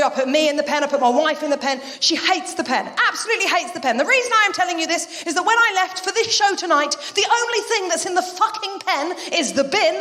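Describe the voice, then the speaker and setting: A woman's voice: high-pitched, bright, forceful tone. A woman performing a live stand-up set on a theatre stage, brash and sweary, acting out the people in her stories. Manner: brash, swearing, quick act-outs of others. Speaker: stand-up comedian. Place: theatre stage before a laughing audience. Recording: roomy hall reverb, live venue.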